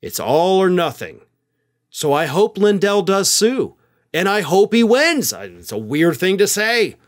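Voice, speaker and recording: A male host delivering a political commentary monologue, his pitch sitting a bit high and swinging widely as he argues. He sounds sarcastic and opinionated, mocking his subjects as he lays out his case. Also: sing-song, unhurried.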